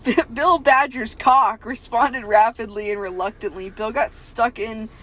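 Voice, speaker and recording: A woman's voice: fairly high pitch, steady tone, a little slow, fairly bright tone. A young woman co-hosting a podcast, reading a novel aloud and breaking off with giggly, joking asides. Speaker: podcast co-host.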